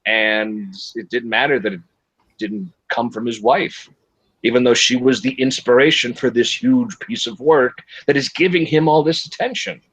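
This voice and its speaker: Over dry, dull, lo-fi livestream audio, a podcast host with a slightly rough, medium-pitched voice reviews a film at a moderate pace. He's blunt and animated, curses a lot, and acts out quotes.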